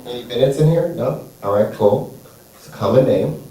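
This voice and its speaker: A man's voice: mid-range voice, expressive, moderate pace, mellow. A man performing a stand-up comedy set on a theater stage, sassy and playful, drawing out his punchlines. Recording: echoey room, far from mic.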